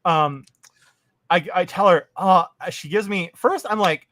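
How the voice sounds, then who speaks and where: A man casually telling a funny travel story, animated, putting on higher voices for the people he quotes. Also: a little slow, dry recording. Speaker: podcast co-host.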